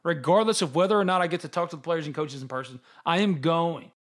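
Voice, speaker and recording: A man hosting a sports podcast, talking casually and teasing his co-host in an animated, joking way. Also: a little high. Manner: animated, joking, quick to tease.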